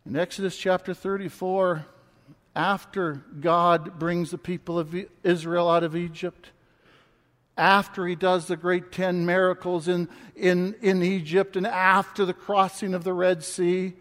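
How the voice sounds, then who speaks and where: A man preaching a sermon, reading scripture and speaking with passion that builds to near shouts. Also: high-pitched, level tone, a little slow. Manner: impassioned, rising to shouts when quoting. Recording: long hall reverb.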